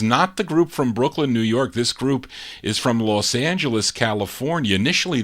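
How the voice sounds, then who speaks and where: A man hosting a live oldies record show, introducing each song with an unhurried, chatty history and dedications. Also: fairly low pitch, fairly bright tone. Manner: unhurried, conversational, laughs off his own misreading. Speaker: radio host and record DJ.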